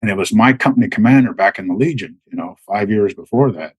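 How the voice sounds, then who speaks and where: A man's voice: lowish voice, fast talker, husky, no echo, muffled recording. A middle-aged man, a military veteran, telling stories as a podcast guest in a rambling way, full of restarts and fillers. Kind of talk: casual storytelling.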